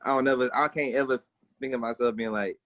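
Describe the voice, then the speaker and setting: A man's voice: medium pitch, steady tone, fast talker. A young man talks in a laid-back, slangy, joking way. His voice sits mid-range. It comes through dull, lo-fi video call audio. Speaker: guest. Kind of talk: casual chat.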